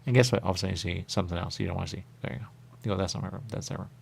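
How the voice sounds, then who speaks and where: A man hosting a radio show, rambling through a spiritual monologue with a repeated refrain and sudden high voices when he quotes others. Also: racing, vocal fry, a little mellow, slight background noise. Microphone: radio studio mic.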